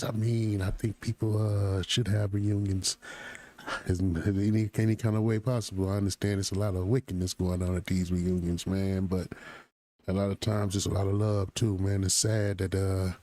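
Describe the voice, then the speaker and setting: Male reaction host, low mellow tone, laid-back slangy delivery. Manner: loose, slangy, talks back to the clips. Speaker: commentary channel host. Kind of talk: casual reaction commentary.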